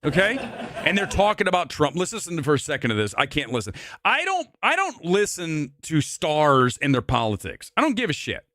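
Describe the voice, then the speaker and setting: A man's voice: on the high side, wildly swooping pitch, fairly quick, a bit bright, no room sound, studio quality. A man hosting a live movie-talk stream, ranting in a brash, profane, mocking way.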